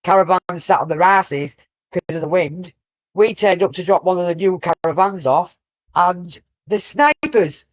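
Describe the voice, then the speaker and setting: A woman's voice: lowish voice, normal speed, no room sound. A woman co-hosting a casual live-stream chat, chatty and sweary. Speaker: co-host.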